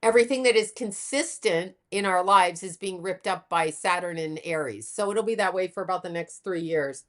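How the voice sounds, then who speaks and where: A woman's voice: lowish voice, moderate pace. A woman guest on a podcast who works as an astrologer, speaking bluntly and swearing casually in a matter-of-fact way. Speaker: astrologer and psychic medium guest. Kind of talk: casual interview chat.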